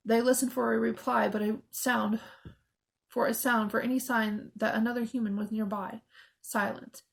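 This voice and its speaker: A woman narrating a children's horror novel aloud in a steady, expressive storytelling manner. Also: on the high side, moderate pace, gravelly, poor audio. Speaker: audiobook narrator.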